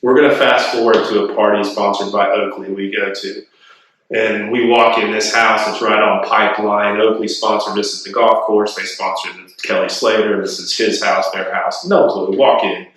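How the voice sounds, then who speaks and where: A middle-aged man, a retired golf pro, telling animated stories as a podcast guest, swearing freely. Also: on the low side, normal speed. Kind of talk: casual storytelling interview. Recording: echoey room, distant mic.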